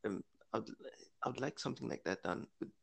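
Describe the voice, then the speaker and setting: A man's voice: lowish voice, a little fast, gravelly, slightly rough. A man co-hosting a casual podcast chat, musing aloud, correcting himself and laughing easily. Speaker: podcast co-host.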